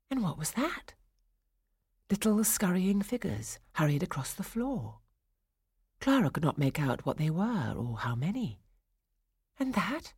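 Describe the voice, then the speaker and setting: A woman narrating a children's storybook, hushed in quiet passages and rising for the dramatic ones. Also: low-pitched, slightly rough, no echo, studio quality. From England. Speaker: audiobook narrator.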